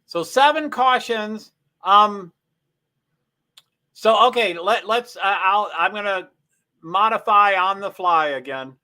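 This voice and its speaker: A man's voice: high voice, animated, slow pace, long pauses, sharp tone. A man hosting a casual livestream, chatting with viewers, thinking aloud and reading race stats off the screen. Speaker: livestream host.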